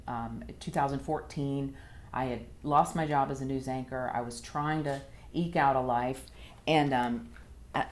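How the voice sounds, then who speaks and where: Interviewee: low-pitched woman in her thirties, earnest and halting, faint hiss in the background. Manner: earnest, halting, many restarts. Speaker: interviewee, former patient. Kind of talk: emotional personal account.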